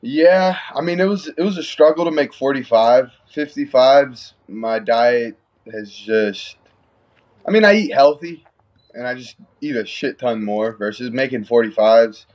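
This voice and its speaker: A man's voice: medium pitch, a little slow, a little mellow. A young man, a pro fighter, talking in a laid-back, slangy way. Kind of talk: casual chat.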